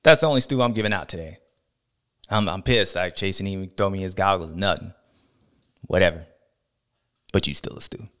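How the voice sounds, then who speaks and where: A man hosting a casual sports podcast, talking in a playful, animated way and drawing out and shouting words for emphasis. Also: deep voice, brisk, long pauses. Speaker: podcast host.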